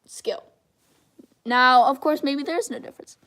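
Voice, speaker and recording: Chatty high-voiced teen girl. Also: measured pace, pushed and bright. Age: teens. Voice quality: high-pitched voice. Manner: rambling, chatty, self-deprecating. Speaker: channel host. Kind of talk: casual livestream chat while drawing.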